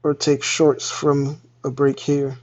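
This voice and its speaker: A man's voice: mid-range voice, monotone, takes it slowly, a little mellow. A man casually explaining trading chart levels as he points them out on screen. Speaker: trading educator. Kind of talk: live screen-share trading walkthrough. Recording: dull lo-fi mic.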